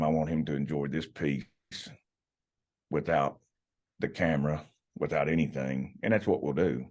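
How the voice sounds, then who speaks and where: A man's voice: extremely low pitch, steady tone, normal speed, pauses often, darkish tone. A middle-aged man, a podcast guest, telling hunting stories in a rambling, folksy way with many restarts. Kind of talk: casual storytelling. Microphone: podcast microphone.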